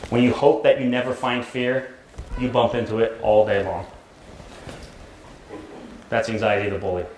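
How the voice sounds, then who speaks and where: A middle-aged American man, a therapist, giving a conversational, jokey talk to high school students and often asking "right?". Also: level tone, normal speed, darkish tone, a little hiss or hum. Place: large echoey school hall. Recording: roomy hall with faint ambience.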